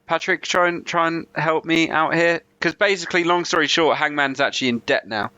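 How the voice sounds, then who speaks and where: A podcast co-host talking about wrestling in a loose, meandering way, losing his thread and circling back. His voice is bright and crisp. The sound is dry, with no room echo. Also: on the high side, fairly quick, highs cut off. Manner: rambling, loses his thread, hedging. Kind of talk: casual wrestling review chat.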